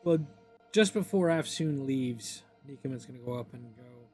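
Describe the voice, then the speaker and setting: A man's voice: medium pitch, expressive, moderate pace, over music. A man playing a tabletop game, speaking hesitantly in character and often restarting. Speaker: player. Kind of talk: tabletop role-play.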